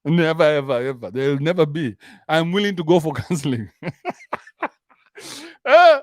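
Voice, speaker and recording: A man's voice: fairly high pitch, fairly quick, a little mellow, dry recording, clean studio sound, close to an everyday voice. A Kenyan man mimicking a smug runaway husband. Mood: pleading.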